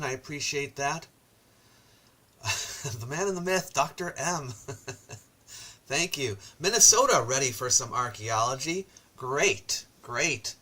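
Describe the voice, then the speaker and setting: A man hosting a relaxed history livestream, talking off the cuff to his viewers. His voice sits a little high and bright, and it bounces around a lot in pitch. He fills the gaps with easygoing ums and uhs. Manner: chatty, reads viewer comments aloud, many ums and uhs. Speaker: host and ancient history lecturer. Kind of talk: casual livestream chat.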